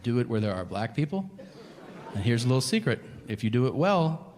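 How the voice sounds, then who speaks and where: A man doing a stand-up comedy set, telling stories with animated, yelled impressions. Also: medium pitch, a little fast. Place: comedy venue stage. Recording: live venue with long reverb and audience noise.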